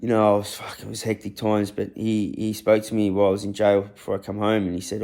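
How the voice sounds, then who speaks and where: A man's voice: fairly low pitch, level tone, fast, gravelly, hardly any pauses, mellow. A young man telling a raw personal story, blunt and rambling, swearing freely.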